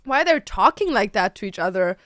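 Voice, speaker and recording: A young woman streaming, chatting casually and reacting excitably, jumping to squealing highs. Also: fairly quick, no echo, studio quality. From Latin America.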